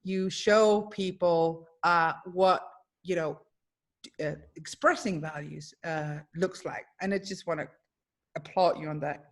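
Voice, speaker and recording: A woman's voice: lowish voice, steady tone, unhurried. Effusive woman hosting a webinar chat. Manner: warm, effusive, many fillers and restarts. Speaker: host, psychologist. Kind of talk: casual webinar conversation.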